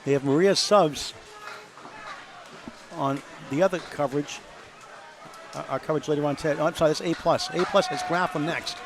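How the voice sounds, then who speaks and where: Higher-voiced man reading bowling standings. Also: normal speed, long pauses. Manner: rattles off scores and standings. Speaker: color commentator giving score updates. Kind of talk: live sports commentary. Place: bowling alley. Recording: noisy bowling alley broadcast.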